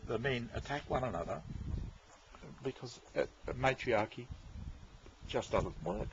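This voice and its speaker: A vlogger talks to his viewers in a mid-range voice with vocal fry, rambling casually, repeating himself, and swearing. The audio comes across dull and lo-fi, with faint noise.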